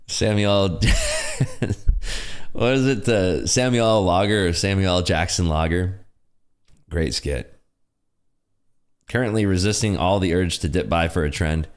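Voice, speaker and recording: Male livestream host, deep voice that swings up and down a lot, loose jokey chatter, frequent laughter. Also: sing-song, slow pace, long pauses. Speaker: day-trading livestream host. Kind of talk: live trading commentary chat. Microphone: desk computer streaming setup.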